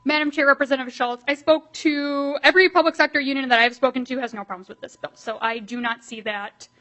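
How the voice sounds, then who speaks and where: A woman, a state legislator presenting a bill at a committee hearing, quick and animated with many fillers. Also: high voice, soft background music, rough recording.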